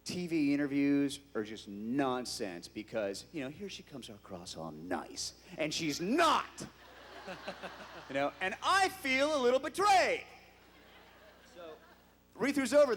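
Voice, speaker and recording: A man's voice: medium pitch, long reverb tail. A man, a guest actor on a convention stage, telling a comic anecdote to a live audience and acting out the quotes in whiny voices.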